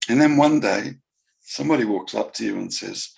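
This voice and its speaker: A man giving an unhurried spiritual talk, pausing often and musing gently. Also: on the low side, gravelly. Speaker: spiritual teacher. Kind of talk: slow reflective talk.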